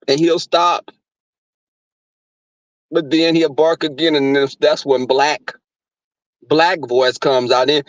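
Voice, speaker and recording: A man's voice: mid-range voice, moderate pace, no room sound, dull audio. A man telling crude, profane stories to live viewers from his workplace. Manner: crude, animated, frequent laughs and swearing. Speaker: live streamer.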